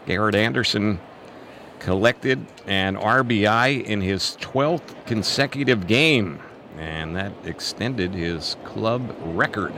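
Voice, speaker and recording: A man calling a baseball game as the play-by-play announcer, steady and informative, reading the count and the sponsor spots. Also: fairly low pitch, slow pace, a little hiss or hum. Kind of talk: radio baseball commentary.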